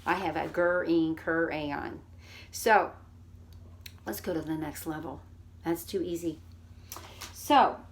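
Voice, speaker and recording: A middle-aged woman, a speech therapist, giving an instructional demonstration with clear, exaggerated sound drills. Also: medium pitch.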